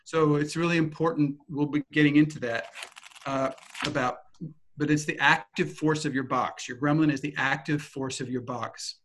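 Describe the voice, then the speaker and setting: A man giving a teaching talk, telling a lively personal anecdote in a casual way that includes some swearing. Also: on the high side, moderate pace. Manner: animated, vivid storyteller with casual swearing.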